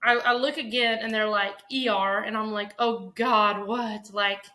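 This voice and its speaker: Chatty bright-voiced woman podcast co-host. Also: fairly high pitch, steady tone, moderate pace. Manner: chatty, agreeable, storytelling with "like". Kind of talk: casual sports chat.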